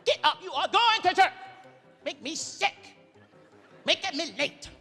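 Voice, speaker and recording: A man voicing a strict, scolding middle-aged mother in a stand-up impression, shrill and sharp. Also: lively intonation, measured pace, long reverb tail, faint music behind, heavily acted. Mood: impatient.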